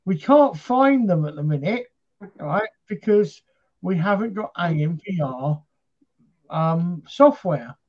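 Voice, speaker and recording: A blunt, officious forest ranger, put on by a man, barks rules in a broad Northern Irish accent. The voice sits high and carries through dull, lo-fi stream audio. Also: animated, slow, full character voice. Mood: stern, officious. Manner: curt, rule-bound, blunt.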